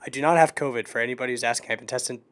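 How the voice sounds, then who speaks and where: A man's voice: medium pitch, very fast, a bit bright. A young man who has lost his voice, co-hosting a casual podcast and joking with a friend. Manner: joking, teasing. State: hoarse, lost voice. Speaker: podcast co-host. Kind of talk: casual chat.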